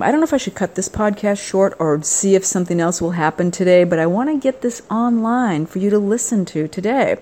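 A woman's voice: fairly low pitch, a little mellow, poor audio. An older woman hosting a podcast, chatting in a wry, rambling way about her trip. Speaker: podcast host. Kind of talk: casual travel vlog monologue. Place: outdoors then indoors, on a trip.

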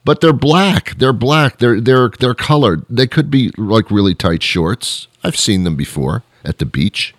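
A man hosting a show, delivering a rambling comedic monologue full of restarts and deadpan absurd asides. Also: mid-range voice, unhurried, hardly any pauses, dry recording. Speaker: show host.

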